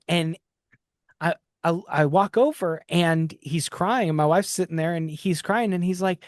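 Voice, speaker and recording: In a clean studio recording with no echo, a man with a high-pitched voice speaks at a measured pace. He's a podcast host telling reflective stories in casual conversation, frequently restarting what he says.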